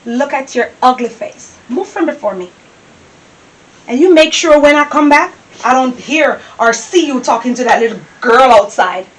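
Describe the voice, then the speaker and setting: An actress with a Jamaican accent playing a bossy, scornful wife who scolds and shouts at her household. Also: high voice, expressive, moderate pace, poor audio. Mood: scolding. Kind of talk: comedy skit acting. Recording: loud background noise.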